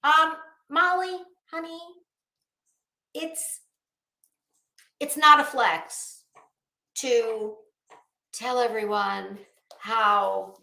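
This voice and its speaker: A woman's voice: on the high side, extremely slow, vocal fry, long pauses, sharp tone, echoey room. A woman streamer doing casual commentary, chatty and sassy, talking straight to the people she discusses. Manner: chatty, sassy, addresses people directly with asides and laughs.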